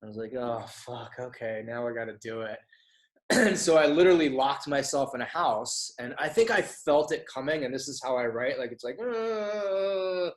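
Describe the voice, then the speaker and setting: A man's voice: medium pitch, rough recording. A man guest on a podcast, telling his story candidly, swearing freely and acting out quoted dialogue. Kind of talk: casual storytelling interview.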